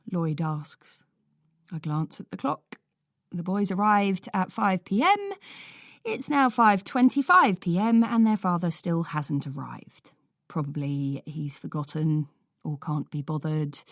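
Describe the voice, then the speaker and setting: A woman narrating a first-person thriller audiobook, measured and expressive. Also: fairly low pitch, no echo, studio quality.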